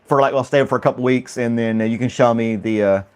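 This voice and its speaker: A man's voice: mid-range voice, fairly even intonation, quick pace, a little mellow, clean tone. A man hosting a casual chat stream, laughing often and rambling through questions to his viewers. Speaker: livestream host reading chat.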